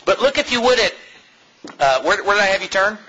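An American pastor preaching a sermon in an animated, mocking way, laughing often. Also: male voice, high-pitched, fairly quick, lo-fi sound, a little hiss or hum.

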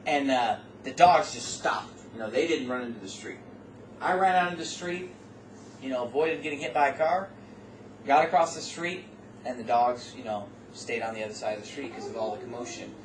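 A man telling a personal story in a loose, animated way, often restarting and correcting himself mid-sentence. His voice sits back from the microphone in a room with a noticeable echo. A faint background hum runs under his speech. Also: mid-range voice, brisk. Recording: roomy, distant mic, faint background noise.

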